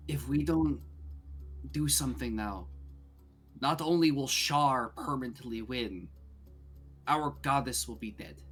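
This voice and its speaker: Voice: medium pitch, a little slow, pauses often, faint music behind, natural voice. A game master voicing an urgent moon-cult woman.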